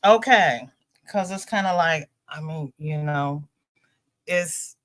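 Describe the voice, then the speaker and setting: A woman's voice: deep voice, lively intonation, slow. A middle-aged woman hosting a live stream, chatting casually and rambling between greetings to viewers by name. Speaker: livestream host.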